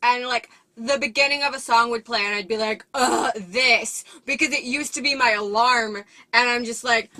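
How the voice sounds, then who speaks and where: A young woman co-hosting a podcast, her voice high and bright. She talks in a loose, animated ramble full of "like" and trailing asides. It is easygoing, chatty banter. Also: brisk, hardly any pauses. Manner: rambling and animated, heavy use of "like". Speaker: podcast co-host. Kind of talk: casual chat.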